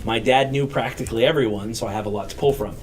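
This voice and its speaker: A man's voice: mid-range voice, quick pace, a little hiss or hum. A man with a mid-range voice co-hosts a tabletop game livestream. He talks casually and loosely, in an upbeat, chatty way. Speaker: co-host of a tabletop game channel.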